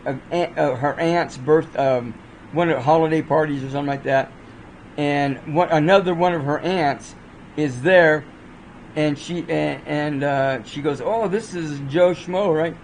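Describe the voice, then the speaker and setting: A man with a fairly high voice chats through movie reviews in a loose, rambling way. He trips over his words, restarts sentences and fills gaps with lots of fillers. Faint ambient noise sits behind him. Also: fairly even intonation, measured pace, low-quality recording. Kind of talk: casual spoken movie review.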